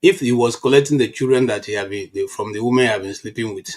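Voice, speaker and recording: A Nigerian man in his fifties holds forth in a casual political chat. His voice is husky and sits at an ordinary pitch, and he tells his stories with animated restarts. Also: fast. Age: 50s. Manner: animated storytelling with frequent restarts.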